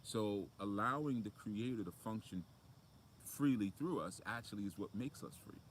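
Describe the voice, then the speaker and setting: Outdoors, with faint ambient sound and slight background noise, a low-voiced man gives a casual spiritual talk at normal speed. This motivational speaker preaches loosely and conversationally, peppering his words with fillers and asides.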